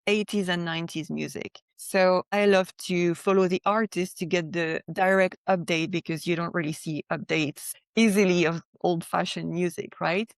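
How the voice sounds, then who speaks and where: A woman's voice: fairly low pitch, steady tone, normal speed, hardly any pauses, no room sound. Chatty woman, dry close mic. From France. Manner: chatty, lots of "like" and "right?". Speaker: podcast guest. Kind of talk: casual personal testimony.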